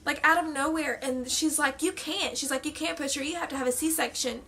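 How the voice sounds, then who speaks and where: A young adult woman casually telling her own story to camera, talking quickly with many fillers and acting out what others said. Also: sits high, vocal fry, slight background noise. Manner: animated, quick, many fillers, acts out quoted voices.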